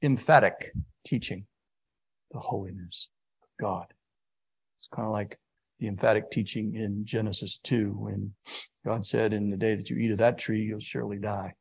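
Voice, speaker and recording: A man preaching a sermon, swinging from hushed, drawn-out words to sudden booming emphasis. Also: fairly even intonation, vocal fry, slightly rough.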